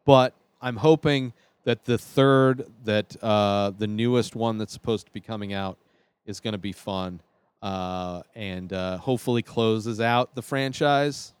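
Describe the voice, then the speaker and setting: A man's voice: fairly low pitch, measured pace, clear, resonant tone, no room sound. A man hosting his own show, rambling enthusiastically through a casual ranking of films, with plenty of fillers and restarts. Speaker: show host. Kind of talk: casual film ranking monologue.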